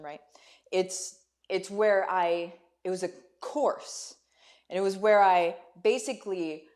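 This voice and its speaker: A woman's voice: on the low side, a little mellow. A woman hosting a live video, talking to her viewers in a heartfelt, tearful and shaky voice, repeating phrases for emphasis like a preacher. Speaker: online business coach and livestream host.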